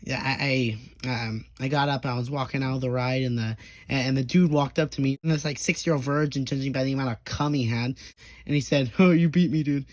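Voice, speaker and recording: A young man with a mid-range voice speaks fairly quickly and with fairly even intonation, with no echo in the recording. He tells a rambling, profane story as a casual storytime monologue, stammering and restarting often. He briefly acts out the people he quotes in short bursts.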